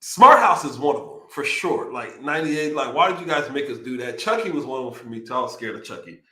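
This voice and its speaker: Excitable man hosting a live stream. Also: mid-range voice, quick pace, roomy sound. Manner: loose and rambling, excitable. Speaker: live show host. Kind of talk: casual livestream talk. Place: home streaming setup near Austin, Texas.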